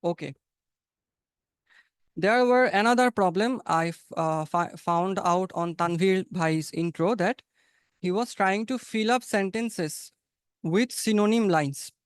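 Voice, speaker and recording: High, clear-voiced man teaching. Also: takes it slowly, no room sound, clean studio sound. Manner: encouraging, repeats phrases, coaching tone. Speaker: English conversation teacher. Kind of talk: live webinar teaching. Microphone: video call.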